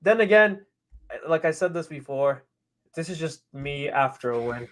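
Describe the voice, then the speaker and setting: A man's voice: on the high side, lively intonation, normal speed, fairly bright tone. A man guesting on a sports podcast, chatting animatedly, laughing and repeating himself as he talks. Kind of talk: casual sports chat.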